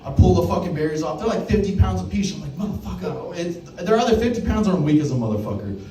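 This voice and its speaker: Young man, stand-up comic, crude storytelling, slightly high voice, roomy club sound from a distance. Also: lively intonation, racing, a crowd in the background. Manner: crude storytelling with loud acted-out quotes. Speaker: stand-up comedian. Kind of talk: open mic stand-up comedy. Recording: echoey room, mic heard from a distance.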